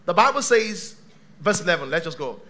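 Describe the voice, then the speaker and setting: A male pastor preaching a sermon to a live church congregation, dramatic, swinging from shouts to hushed tones. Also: sits high, big pitch swings, brisk.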